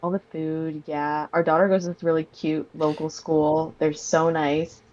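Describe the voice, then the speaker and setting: A woman's voice: sits low, level tone, measured pace, a little mellow, muffled recording. A woman chatting enthusiastically as a podcast guest in a casual conversation. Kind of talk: casual chat.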